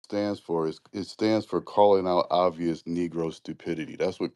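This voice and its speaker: A man from Detroit calling in to a debate show, calm and measured as he argues his point. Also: sits low, smooth. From Detroit, USA. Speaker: caller. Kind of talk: call-in debate.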